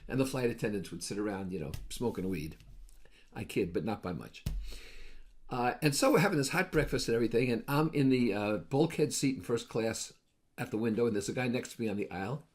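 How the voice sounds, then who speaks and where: A man's voice: medium pitch, expressive, fairly quick. A man hosting a short advice video, telling casual anecdotes with wry, joking asides. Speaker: host of a daily advice video series.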